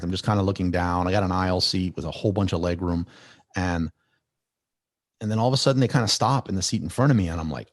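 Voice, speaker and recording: A man guest on a podcast, telling a long story in a rambling, animated way with many restarts. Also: sits low, fast, no room sound, clean studio sound. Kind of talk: casual storytelling.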